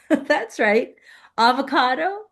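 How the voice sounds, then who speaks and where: A woman's voice: high-pitched, expressive, slow pace, gravelly, fairly bright tone. A woman giving a playful, emphatic inspirational sermon as a guest speaker, laughing often. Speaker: guest speaker at a spiritual center.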